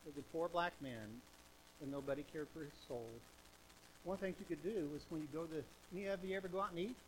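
A little hiss or hum sits under this man's revival-style evangelistic sermon. His slightly high voice moves fast, hammering points through repetition and alternating loud exhortation with hushed intensity.

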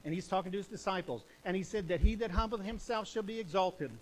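A man preaching an evangelistic sermon in an old-fashioned revival style, with emphatic repetition and swings between loud exhortation and hushed intensity. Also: high voice, fast.

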